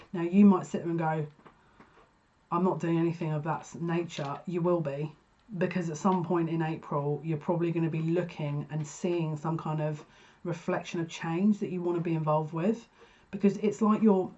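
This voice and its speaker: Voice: medium pitch, a little mellow, lo-fi sound. A psychic reader giving a casual, rambling card reading to viewers, often breaking off mid-sentence. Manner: chatty, rambling, self-interrupting.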